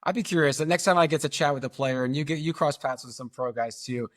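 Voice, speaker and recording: A man with a fairly high voice chats on a podcast, working through his thoughts out loud with plenty of fillers. His pace is relaxed and conversational. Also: fast talker. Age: late 30s to early 40s. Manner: thinking aloud with many fillers. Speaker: podcast co-host. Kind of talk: casual opinion chat.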